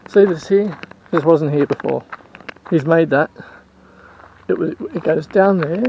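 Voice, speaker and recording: Gravelly Australian man having a whinge. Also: on the high side, unhurried, warm tone, highs cut off, slight background noise. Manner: rambling, repetitive complaining. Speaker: vlogger and house sitter. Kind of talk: casual vlog rant.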